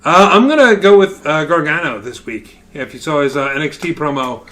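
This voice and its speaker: A man's voice: on the high side, a little fast, pushed and bright. A man hosting a casual podcast chat, laughing often and filling with "uh". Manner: laughs often, many fillers. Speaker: podcast host.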